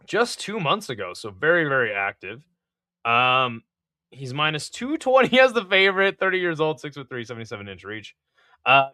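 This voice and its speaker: A man's voice: fairly high pitch, bright, forceful tone, clean tone, no echo, clean studio sound. A man hosting a live fight-picks stream, talking loosely and profanely while thinking aloud with lots of fillers. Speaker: podcast host giving fight picks. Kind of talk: casual live-stream chat.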